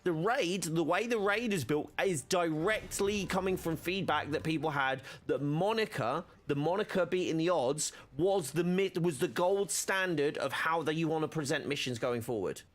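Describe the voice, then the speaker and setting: A man's voice: fairly high pitch, moderate pace, hardly any pauses. A man streaming a video game, chatting casually with many fillers and restarts. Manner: rambling, filler-heavy, self-correcting.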